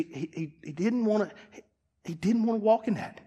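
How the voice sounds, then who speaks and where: A man pastor preaching a sermon, dropping to low asides and rising to shouts, acting out church members. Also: normal speed, husky. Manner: acts out church members in quoted voices. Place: church sanctuary. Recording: long hall reverb.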